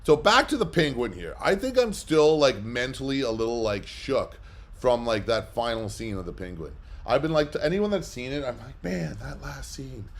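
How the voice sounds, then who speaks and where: A man's voice: medium pitch, big pitch swings, normal speed. A man hosting a live comic book auction, chatting casually and rambling with lots of fillers between bids. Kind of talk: casual livestream chat.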